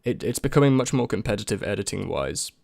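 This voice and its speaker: A man's voice: fairly low pitch, expressive, fast talker, gravelly, darkish tone, dry recording, studio quality. A young man and YouTube creator in casual chat, answering viewer questions in a rambling, hesitant way with many restarts.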